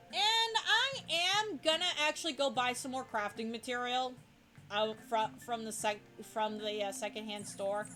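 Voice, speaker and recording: A woman's voice: a little high, normal speed, fairly bright tone, faint music behind. A woman giving casual, chatty gameplay commentary, often stopping to correct herself. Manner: chatty, self-correcting, laughs easily. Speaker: let's play host.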